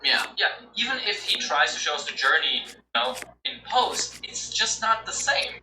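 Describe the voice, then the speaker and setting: A man's voice: fairly high pitch, sing-song, moderate pace, background noise. A man chatting casually as a podcast host, ranting with exasperated energy and breaking into laughs. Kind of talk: casual chat. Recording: echoey room, distant mic, music behind.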